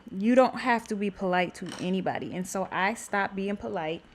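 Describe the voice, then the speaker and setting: A woman in her thirties hosting a gaming channel, telling a story in a blunt, animated way and swearing freely. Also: medium pitch, normal speed, slight background noise. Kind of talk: casual storytime chat.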